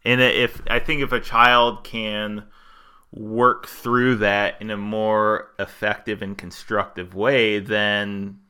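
A man's voice: on the low side, level tone, takes it slowly, pushed and bright, smooth. A man co-hosting a podcast, talking in a thoughtful, searching way, often stopping and restarting his sentences. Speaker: podcast co-host. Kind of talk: reflective podcast discussion.

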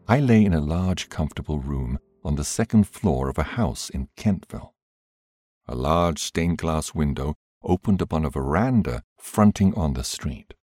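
Deep-voiced male narrator, husky, expressive, faint music under a dry read. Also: dry recording. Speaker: audiobook narrator. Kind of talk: scripted audiobook narration.

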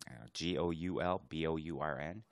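Deep-voiced joking male co-host. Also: fairly even intonation, no echo. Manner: joking, quick quips, reads facts aloud. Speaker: podcast co-host. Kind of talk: casual chat.

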